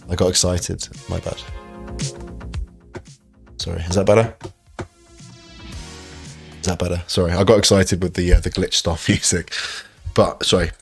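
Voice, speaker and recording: An excitable man hosting a live stream and walking through trading charts. He keeps repeating "look" and laughs often. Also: low voice, unhurried, creaky, pauses often. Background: faint backing music.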